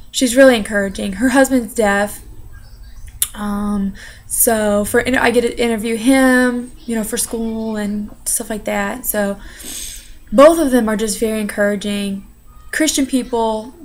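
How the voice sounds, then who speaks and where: A young woman speaks about her studies in a relaxed, rambling way. Her voice sits a little high. She leans on fillers and restarts as she goes. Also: a little slow. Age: young adult. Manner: chatty, many fillers and "you know". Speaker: interpreting student. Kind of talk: casual personal account.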